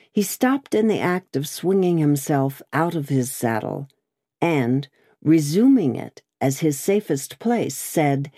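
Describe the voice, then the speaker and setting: A woman with a low-pitched voice narrates an audiobook from a script, her storytelling measured yet expressive. The recording is clean studio sound with no room tone.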